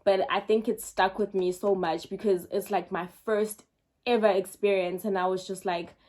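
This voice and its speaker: Brief: young adult woman, expressive storyteller speaking to her own camera, even mid-range voice. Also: medium pitch, moderate pace. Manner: animated, emphatic, frequent ums and repeated words for effect. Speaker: vlogger. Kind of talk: casual storytime monologue.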